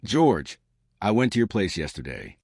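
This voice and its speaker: A flustered, clingy young college woman who rambles in defensive pleas, put on by a male storyteller. The voice sits fairly low and swings widely in pitch. It sounds close and dry, with no room around it. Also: huge pitch swings, moderate pace, gravelly, darkish tone, no echo, full character voice. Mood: anxious.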